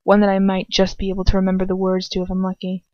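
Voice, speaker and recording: A woman reads a first-person fan story aloud in a casual, unpolished way, stumbling now and then and restarting lines. Her voice sits at a middling pitch. The home recording is dry and a little dull. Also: completely flat delivery, quick pace, warm tone, no room sound. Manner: casual reading with small slips and restarts. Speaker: fanfiction reader. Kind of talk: amateur first-person audiobook reading.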